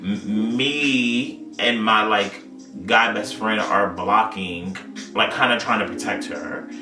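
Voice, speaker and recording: A man's voice: lowish voice, slow pace. A man co-hosting a casual podcast, telling a wild night-out story in slang, swearing freely. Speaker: podcast co-host. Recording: roomy sound, mic at a distance, faint music.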